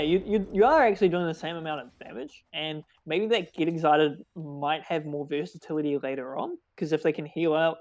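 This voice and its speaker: Calling a live card game match, an esports co-caster with a mid-range voice is excitable, laughs easily, and often restarts mid-sentence.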